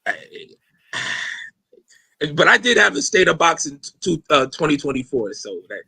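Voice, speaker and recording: A man's voice: on the high side, sing-song, measured pace, vocal fry, sharp tone, slightly rough, no echo. A man hosting a casual podcast, talking loosely in slang with lots of fillers and swearing. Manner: loose, rambling, profane slang with many fillers. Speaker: podcast host.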